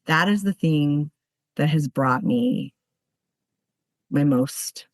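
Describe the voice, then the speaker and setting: A woman's voice: low-pitched, slow, no echo. A woman giving earnest, heartfelt personal testimony at a recovery meeting, telling her story with many restarts.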